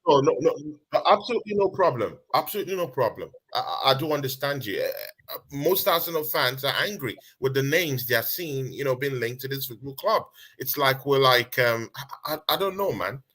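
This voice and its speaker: Bright-voiced man, emphatic and hesitant. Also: medium pitch, expressive, fairly quick. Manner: emphatic, hesitant, many fillers and repeats. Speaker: co-host of a football podcast. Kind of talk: casual chat.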